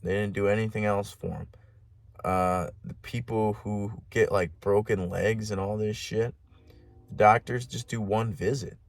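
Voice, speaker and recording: A man's voice: fairly low pitch, fairly even intonation, measured pace, dry recording. A man hosting a podcast alone, rambling in a casual monologue with heavy swearing, lots of "like" and restarts. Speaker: podcast host.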